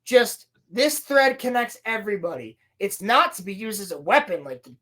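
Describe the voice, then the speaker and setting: A woman's voice: medium pitch, very animated, normal speed, a bit bright. A woman hosting a podcast, recapping a TV episode in a sarcastic, profane, mocking way. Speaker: podcast host reviewing a TV episode.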